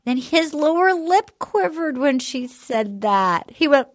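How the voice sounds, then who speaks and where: High-voiced laughing woman podcast host. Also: expressive, takes it slowly. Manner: laughing, acts out quotes in exaggerated voices. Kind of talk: comedic recap chat. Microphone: podcast studio mic.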